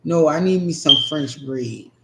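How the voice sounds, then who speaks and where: Slow-drawling New man, echoey room. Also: a little high, very noisy. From New Orleans. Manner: profane, teasing, laid-back drawl. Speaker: streamer answering chat. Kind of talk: casual livestream chat.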